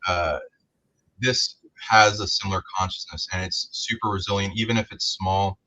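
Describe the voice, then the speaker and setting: A man's voice: deep voice, fairly even intonation, moderate pace, sharp tone, low-quality recording. A man on a livestream panel who rambles with many fillers as he talks through ideas. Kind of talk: casual panel talk.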